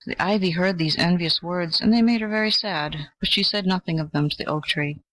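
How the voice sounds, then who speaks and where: Gentle storybook narrator, dry close sound. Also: mid-range voice, fairly quick, dry recording, rough recording. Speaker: audiobook narrator.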